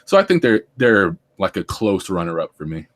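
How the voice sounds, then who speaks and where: Low-voiced dude hosting a game podcast, excited, lots of likes and uhs. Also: male voice, moderate pace. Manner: enthusiastic, many fillers and restarts. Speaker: podcast host. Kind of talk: casual gaming podcast chat.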